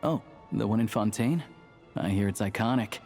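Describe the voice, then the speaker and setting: Guy doing a chill friendly theater guy, lowish voice, music faint behind. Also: moderate pace, darkish tone, close to an everyday voice. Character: easygoing young man guide, works at the theater. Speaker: game character.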